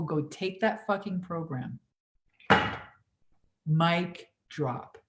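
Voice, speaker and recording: A young adult woman coaching on a livestream, casually reading viewer comments aloud and swearing freely as she talks. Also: mid-range voice. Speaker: business coach hosting a livestream Q&A. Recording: echoey room.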